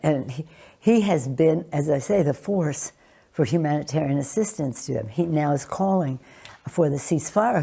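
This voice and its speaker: An older woman politician speaks in a husky, gravelly voice. She sounds dark and low. Her answers are measured and emphatic, full of pauses and restarts. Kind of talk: television interview answers.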